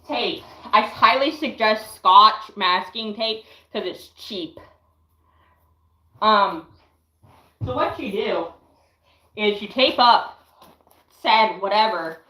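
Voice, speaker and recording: A young woman in her late teens chatting casually on a livestream, showing her craft work in a slow, hesitant way with lots of "um"s. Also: medium pitch, sharp tone, reverberant, poor audio. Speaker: livestreamer and fursuit maker.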